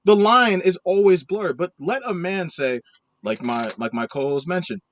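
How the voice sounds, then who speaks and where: Man co-host, emphatic and argumentative, slightly higher voice, dry close sound. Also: expressive, moderate pace, a bit bright, no echo. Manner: emphatic, argumentative, tags points with "right?". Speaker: podcast co-host. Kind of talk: casual podcast chat.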